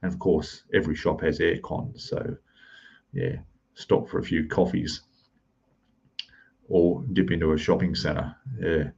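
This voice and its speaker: A man's voice: very deep voice, level tone, unhurried, creaky, long pauses, slightly rough, muffled recording. An Australian man hosting a live stream, greeting chat viewers one by one and keeping his voice down in a rented room. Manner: speaking softly, keeping voice down.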